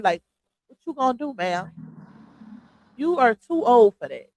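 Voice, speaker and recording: A woman's voice: fairly high pitch, big pitch swings, unhurried, darkish tone, no room sound, low-quality recording. A congested woman hosting a casual live stream, talking straight to her viewers through earphones. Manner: chatty, addresses viewers as y'all. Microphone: earphones with mic.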